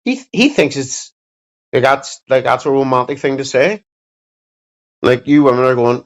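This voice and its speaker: Expressive and mid-range, this man's voice moves at a moderate pace with frequent pauses. He's a livestream host rambling casually and bluntly to viewers from his home streaming setup, swearing plenty, recorded with dull lo-fi quality.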